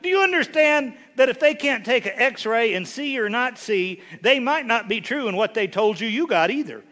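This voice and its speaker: A man with a high, bright, ringing voice preaches with a drawl. He rambles through funny stories, then punches his points home in loud, rising bursts. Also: lively intonation, moderate pace. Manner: folksy, humorous storytelling with rising emphatic bursts. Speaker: bishop preaching. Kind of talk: sermon.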